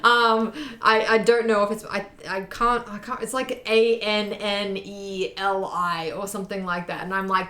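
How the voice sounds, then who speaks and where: A woman's voice: mid-range voice, a little slow, pushed and bright. Chatty Australian woman in an echoey room. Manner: chatty, self-mocking, laughs often, reads chat aloud. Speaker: sewing streamer. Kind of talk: casual live-stream chat while sewing.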